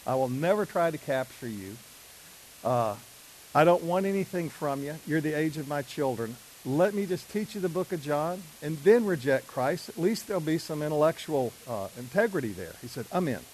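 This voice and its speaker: A middle-aged man giving a talk to a men's group, telling stories in a relaxed conversational way and acting out the dialogue. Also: a little high, normal speed, rough recording. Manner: conversational, acts out dialogue with fillers. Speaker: speaker at a men's ministry. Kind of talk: sermon-like storytelling talk. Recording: faint hiss.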